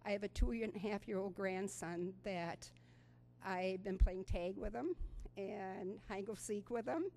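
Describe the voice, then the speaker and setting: A woman's voice: medium pitch, fairly even intonation, a little slow, mellow, a little hiss or hum, low-quality recording. A woman in her sixties giving an earnest personal testimony to an audience, telling her story with frequent ums. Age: 60s. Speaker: program participant giving a testimonial. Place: school auditorium.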